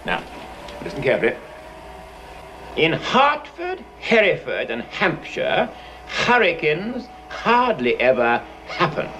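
A man's voice: a little high, big pitch swings, moderate pace, a little hiss or hum. A man playing a stern, impatient male speech teacher who gives commanding, exasperated instructions in a film scene. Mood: instructing. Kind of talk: film dialogue.

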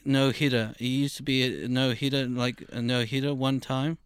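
A man from Mozambique co-hosting a casual chat, speaking haltingly with many restarts and short agreeing replies. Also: mid-range voice, little pitch movement, smooth, no echo. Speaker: co-host.

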